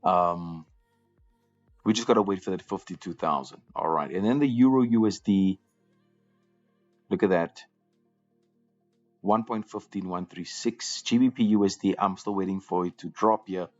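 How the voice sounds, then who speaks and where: A man's voice: low-pitched, normal speed, long pauses. A man hosting a live trading room, talking casually to viewers and often repeating words as he goes. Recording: slightly dull lo-fi audio with faint music.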